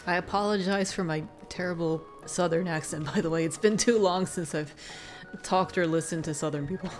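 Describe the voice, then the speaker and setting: A woman streamer chats casually while playing, tossing out giggly asides. Her voice sits a little low. Soft game music plays faintly behind her. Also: fairly even intonation, normal speed.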